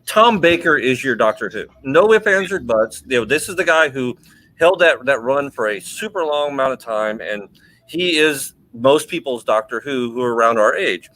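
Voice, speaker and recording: A man hosting a casual livestream chat, talking enthusiastically with many quick restarts. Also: medium pitch, lively intonation, fairly bright tone, low-quality recording. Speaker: livestream host.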